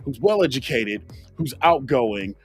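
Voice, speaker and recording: A man's voice: medium pitch, animated, measured pace, over music, close to an everyday voice. A man doing a live voiceover for a friend, reading out a rambling joke dating ad. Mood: joking.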